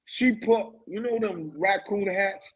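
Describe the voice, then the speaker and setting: High-voiced, husky man telling stories. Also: takes it slowly, poor audio. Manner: animated, often acts out quoted voices; keeps asking "you know what I mean". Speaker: podcast guest. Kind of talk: casual storytelling chat.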